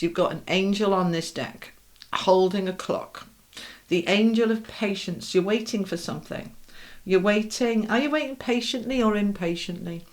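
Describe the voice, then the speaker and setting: A middle-aged woman giving a tarot reading. She is direct and reassuring, asks rhetorical questions and keeps checking in with "okay?" and "all right?". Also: fairly low pitch. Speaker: tarot reader. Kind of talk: tarot card reading to camera.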